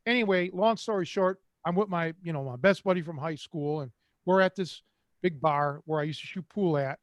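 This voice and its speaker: Older man, host. Streetwise storyteller, higher than typical pitch, dry close-mic sound. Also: normal speed, no room sound. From Cleveland, Ohio. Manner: rambling, streetwise, quotes others in voices. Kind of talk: casual storytelling.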